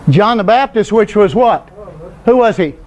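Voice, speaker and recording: Older guy teaching bible class, kinda high voice, quizzes the room then answers himself. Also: expressive, moderate pace, darkish tone, dull audio, a little hiss or hum. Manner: asks the class questions and answers them himself.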